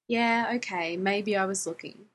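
A woman's voice: medium pitch, measured pace, close to an everyday voice. A woman reading the lines of an earnest, sheepish young man who rambles in casual slang.

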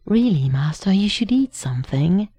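A woman reading a story aloud and voicing a timid young male servant who speaks meekly and half-hushed. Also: on the low side, normal speed, slightly rough, no echo, voice pushed up.

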